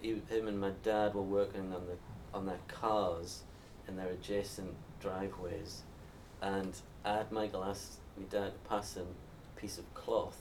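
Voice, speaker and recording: A low-voiced man speaks as a panelist, thoughtful and storytelling. The mic sits some way off from him, and a faint background noise hangs under his voice. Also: little pitch movement, a little slow, few pauses, a little mellow, far from the mic. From Northumberland, England. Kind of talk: live panel discussion.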